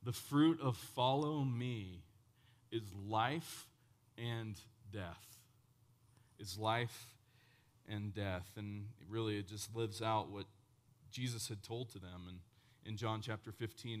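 Impassioned male preacher, loud then hushed. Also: lowish voice, takes it slowly. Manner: impassioned, swinging from loud exclamations to hushed solemn tones; conversational asides with "man" and casual humor. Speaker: pastor. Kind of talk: sermon.

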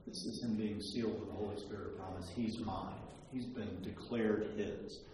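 A man preaching a sermon, retelling a story with animated energy and switching into other voices for the quotes. His voice rings through a large, echoey hall with a long reverb tail, caught by a distant mic with a faint hum of ambience. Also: fairly low pitch, moderate pace.

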